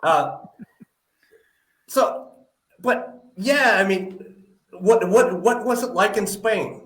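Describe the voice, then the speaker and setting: A man's voice: high-pitched, slow, a bit bright, roomy sound, rough recording. A man hosting a live podcast interview, friendly and full of "uh" fillers. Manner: friendly, filler-heavy, many "uh"s. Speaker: podcast host.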